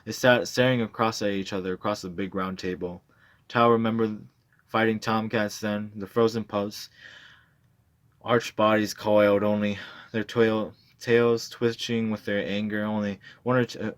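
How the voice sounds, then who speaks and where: Male reader, low voice, plain narration, dry sound. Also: little pitch movement, clear, resonant tone, no echo. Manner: plain measured narration with small stumbles. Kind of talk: reading a novel aloud.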